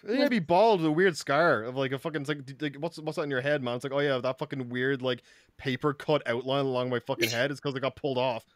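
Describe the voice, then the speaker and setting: Fast-talking crude young man on a podcast. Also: medium pitch, dry recording. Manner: rapid rambling storyteller, crude, heavy fillers. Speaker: podcast co-host. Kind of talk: casual podcast chat.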